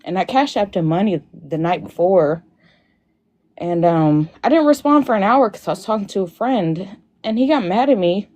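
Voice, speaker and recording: A woman's voice: mid-range voice, expressive, moderate pace, darkish tone, highs cut off. A young woman calling into a live Q&A over a video call, telling her story while crying, rambling with many fillers. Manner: tearful, rambling, frequent "like" fillers. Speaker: caller on a live Q&A. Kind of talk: emotional personal account.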